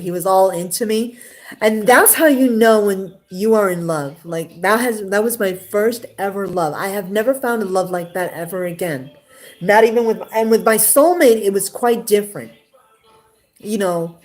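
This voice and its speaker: A woman's voice: mid-range voice, normal speed, a little mellow. Emotional, rambling woman from New York. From Queens, New York. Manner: rambling, with many fillers and restarts; emotional, close to tears at times. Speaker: interviewee sharing her love life. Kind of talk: casual personal storytelling.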